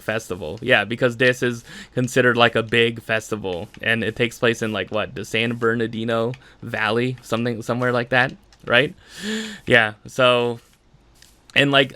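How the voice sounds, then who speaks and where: Bright-voiced rambling podcast host man. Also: mid-range voice. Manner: rambling, heavy filler words, frequent laughter; self-deprecating joking. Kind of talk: casual solo chat.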